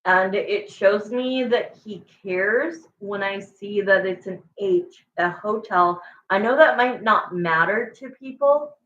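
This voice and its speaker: Chatty woman tarot reader, slow and echoey. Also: medium pitch, fairly bright tone, slight background noise. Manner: chatty, emphatic and affectionate, with frequent "like" and "you know". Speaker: tarot reader hosting a livestream. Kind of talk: casual livestream chat with viewers. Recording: echoey room, dull lo-fi sound.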